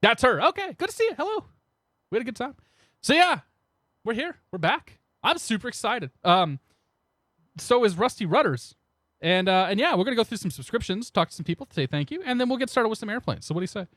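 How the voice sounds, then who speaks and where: A man's voice: high-pitched, very animated, fairly quick, fairly bright tone, no echo, clean studio sound. A young man streaming a flight sim, rambling casually and greeting his chat by name into a desk microphone. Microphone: new desk microphone.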